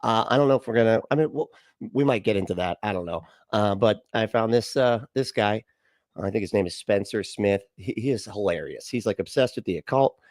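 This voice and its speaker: A man's voice: on the low side, brisk, darkish tone, dry recording, clean studio sound. A male host giving casual, wry reaction commentary with rambling asides. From lives in Florida.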